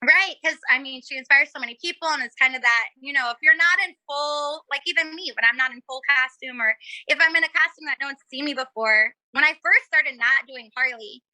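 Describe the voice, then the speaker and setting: A chatty woman with a high, very bright voice tells stories in a casual talk-show chat. She giggles often and acts out quotes. The sound is dry and close. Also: brisk, dry recording. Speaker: podcast guest.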